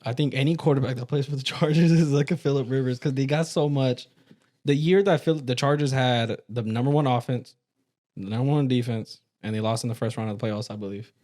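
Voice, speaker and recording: A man talking football on a casual podcast, voice sitting at an ordinary middle pitch. He rants with heavy profanity and emphatic outbursts, firing off opinions in a loose, conversational flow. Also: a little fast, darkish tone. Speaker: podcast co-host. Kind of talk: casual sports chat.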